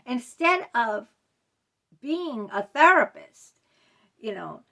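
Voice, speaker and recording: A middle-aged woman speaks straight to camera in a personal storytime vlog. Her voice sits at a middle pitch, loose and conversational, full of fillers. She sounds indignant as she talks. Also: animated, a little slow, vocal fry, a bit bright. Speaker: vlogger.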